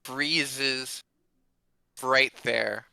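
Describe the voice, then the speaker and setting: A man running a tabletop game as game master, narrating slowly and deliberately. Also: medium pitch, steady tone, gravelly, pushed and bright, smooth, dry recording.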